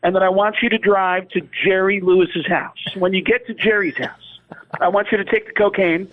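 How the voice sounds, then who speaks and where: A man's voice: high-pitched, steady tone, normal speed, phone-quality sound, pitched above the performer's own voice, natural voice. A man voicing a brash male comedian calling from the afterlife, pushing rambling requests. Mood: pushy.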